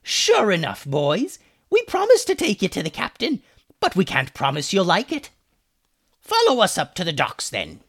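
Man putting on a loud taunting pirate woman. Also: high-pitched, huge pitch swings, normal speed, husky, dry recording, clean studio sound, pitched above the performer's own voice, heavily acted. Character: brash swaggering female pirate, loud.

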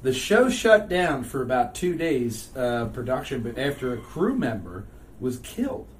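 A man hosting a casual podcast, telling stories with frequent loud laughter. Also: mid-range voice, unhurried. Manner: loud laughing, animated storytelling. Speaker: podcast host. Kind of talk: casual chat. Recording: distant mic, faint noise.

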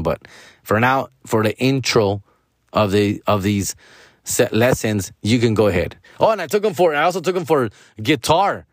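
A man's voice: mid-range voice, lively intonation, normal speed, dry recording, clean studio sound. A man, telling stories in a casual, profane way, tossing in "fool", "dog" and Spanish slang. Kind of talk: casual storytelling chat.

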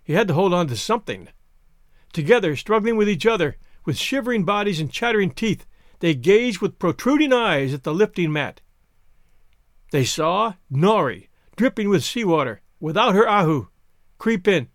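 Male narrator, high voice, lively pitch, dry close sound, expressive storybook reading. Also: normal speed, no echo. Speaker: podcast narrator. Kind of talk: scripted narration.

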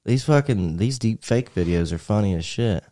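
A man with a very low voice talks loosely and swears freely, tossing off crude jokes as he rambles through a casual chat. His delivery is offhand and teasing. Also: animated, normal speed, warm tone. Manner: profane, joking, rambling.

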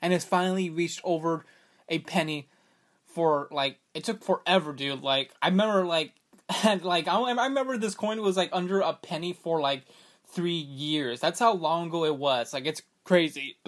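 A man's voice: on the high side, normal speed. A young man hosting his own podcast in a casual, rambling chat, full of filler words, and he has the hiccups. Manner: excitable and rambling, many fillers like "like" and "bruh". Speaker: podcast host.

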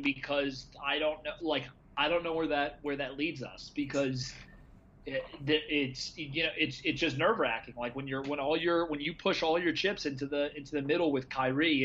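A man co-hosting a podcast, with a slightly high voice that comes through a dull, lo-fi line. He talks haltingly, restarting his sentences in relaxed chat. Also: a little hiss or hum. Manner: halting, many restarts and fillers. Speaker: basketball podcast co-host. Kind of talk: casual podcast talk.

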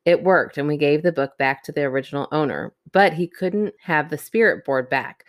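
A woman's voice: low-pitched, normal speed, no room sound, studio quality. A woman co-hosting a podcast, reading a listener's spooky story aloud and chatting, laughing easily and teasing. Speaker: podcast co-host reading stories. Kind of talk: casual chat, reading listener stories.

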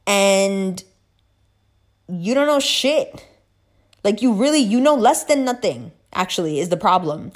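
A young woman ranting casually to camera, profane and emphatic with lots of fillers. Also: mid-range voice. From South Asian heritage. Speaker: astrology YouTuber.

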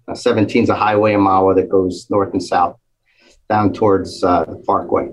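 A man telling a lively anecdote in casual conversation, acting out the quotes. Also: low-pitched, moderate pace, low-quality recording. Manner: animated storytelling, acts out quotes. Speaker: storyteller, former police officer.

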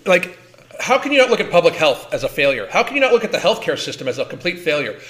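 A man's voice: fairly high pitch, sing-song, fast talker, fairly bright tone. A man reacting to a clip, ranting bluntly and heatedly, swearing a lot and repeating words. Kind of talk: profane ranting commentary.

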